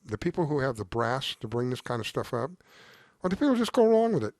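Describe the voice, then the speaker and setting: A man's voice: mid-range voice, big pitch swings, fairly quick, dry recording, clean studio sound. A man hosting a talk show, delivering an exasperated, emphatic commentary monologue with lots of repetition. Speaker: show host.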